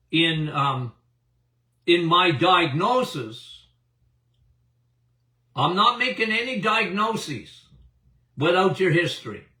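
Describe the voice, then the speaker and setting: A doctor in his seventies hosts an animated health talk for an audience, his fairly high voice pushed and bright. He speaks emphatically, repeating himself and chuckling, picked up by a roomy, distant mic.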